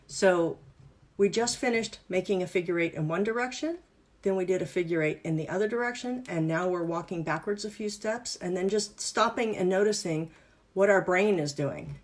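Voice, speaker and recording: A woman's voice: lowish voice, moderate pace. A woman coach leading a live online workshop, explaining exercises in an upbeat, playful, instructive way. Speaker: wellness and business coach.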